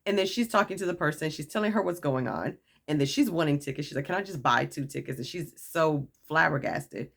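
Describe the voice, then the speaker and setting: Animated woman telling a story. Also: lowish voice, fairly quick, gravelly. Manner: animated, acts out quoted voices, laughs often. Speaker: vlogger. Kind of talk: casual storytelling.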